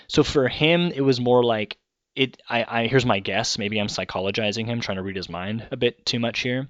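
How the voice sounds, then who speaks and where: Talking through ideas on his podcast, a Canadian host drifts conversationally and frequently fixes his own sentences partway through. His fairly low, fairly bright voice moves briskly, and the audio is dull but has no echo.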